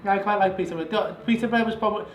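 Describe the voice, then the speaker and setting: A young man doing stand-up storytelling, animated, swearing constantly and laughing through his lines. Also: sits high, rapid-fire, echoey room, big-room sound. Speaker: stand-up comedian. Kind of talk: stand-up storytelling, then casual chat. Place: live venue stage.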